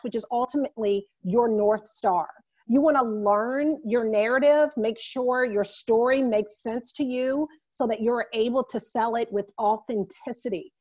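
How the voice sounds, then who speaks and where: A woman with a fairly high voice moderates a virtual panel and speaks in a measured, summarizing way. Her video-call audio sounds muffled and dull. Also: darkish tone.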